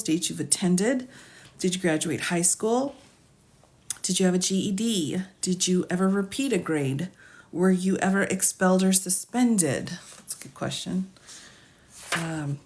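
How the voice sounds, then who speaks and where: Laughing woman reading a legal form live. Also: on the low side. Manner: reads form questions aloud, then comments with frequent laughs; asides, musing and thinking out loud. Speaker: attorney streaming live.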